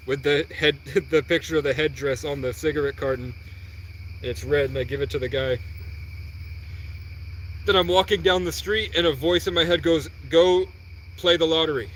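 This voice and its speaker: This young man's voice is fairly high, with a bit of background noise behind it. He's livestreaming a meandering story from his own life, voicing the other people in quick, lively back-and-forth.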